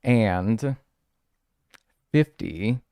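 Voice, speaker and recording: A man's voice: fairly low pitch, very slow, dark tone, clean tone, no echo, studio quality. A young man streaming a game, chatting casually in a rambling, joking and crude way. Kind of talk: casual gaming stream chat.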